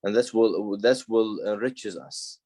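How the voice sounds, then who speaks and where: Priest host, man, low-pitched, hesitant phrasing, heartfelt. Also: slow, mellow. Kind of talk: conversational interview.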